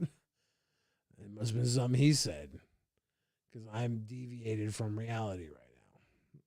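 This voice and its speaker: A man's voice: fairly low pitch, animated, slow pace, pauses often, a little mellow, no echo, clean studio sound. A drunk man hosting a casual livestream chat, rambling and trading crude insults with viewers. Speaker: streamer host.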